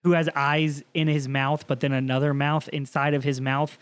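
A man's voice: a little high, little pitch movement, normal speed, smooth, dry recording. Loose, profane podcast co-host, a man. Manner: loose, profane, vivid descriptions. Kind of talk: casual comedy chat.

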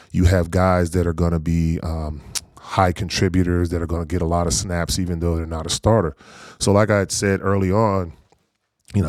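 A man in his forties from North Carolina, a former pro football player, telling stories in an easygoing, animated way in an interview. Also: low-pitched, no room sound, studio quality. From North Carolina, USA. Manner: easygoing, animated anecdotes with frequent laughs. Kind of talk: casual storytelling interview.

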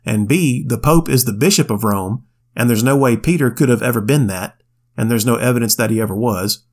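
A man co-hosts a Bible podcast, offering casual commentary peppered with wry, plainspoken asides. His medium-pitched voice has a darkish tone, and he talks fairly quickly.

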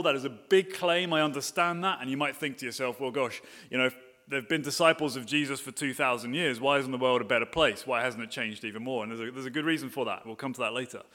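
A pastor preaches live in a church hall, his speech full of fillers and restarts that build up to emphatic repeated phrases. His voice is high-ish, bright and forceful, and the hall's long reverb is clearly heard.

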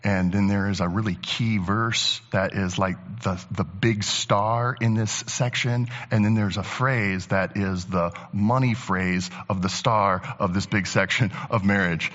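A man's voice: low voice, unhurried. Man, pastor, casual preaching style, dull lo-fi recording, hall echo. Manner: conversational preaching, rising to animated emphasis. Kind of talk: sermon. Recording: long church reverb, dull lo-fi sound.

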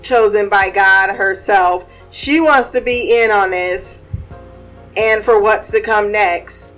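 A woman recapping a TV episode in a casual, animated way, often laughing and acting out the characters. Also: medium pitch, slow pace, soft background music. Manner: animated, laughing, acts out quotes. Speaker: show recap host.

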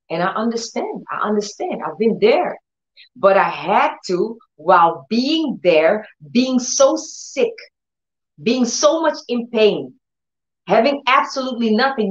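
A woman's voice: mid-range voice, highs cut off. A woman giving a sermon-style teaching, emphatic and repetitive, who breaks into short laughs. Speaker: Christian teacher.

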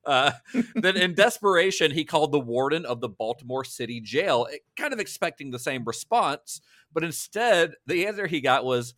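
A man's voice: fairly high pitch, expressive, normal speed, fairly bright tone, no room sound, studio quality. A man co-hosting a casual film podcast, telling behind-the-scenes stories with frequent laughs and fillers. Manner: chatty storyteller, laughs often, many fillers. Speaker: podcast co-host.

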